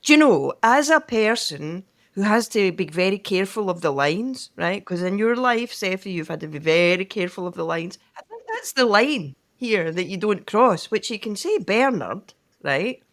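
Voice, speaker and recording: A woman's voice: mid-range voice, expressive, a bit bright, dry recording. A Scottish woman hosting a comic podcast, teasing and joking as she chats. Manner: playful, teasing, quick jokes. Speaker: podcast host.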